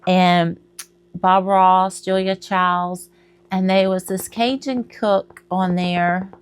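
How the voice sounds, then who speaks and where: A woman's voice: mid-range voice, fairly even intonation, slow, clear, resonant tone. A middle-aged woman, chatting casually to camera at home, rambling and laughing at herself. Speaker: crochet vlogger.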